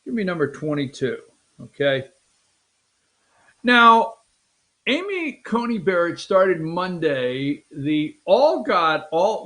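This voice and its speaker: A man hosting a political commentary show, talking in a rambling, animated and emphatic way. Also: fairly high pitch.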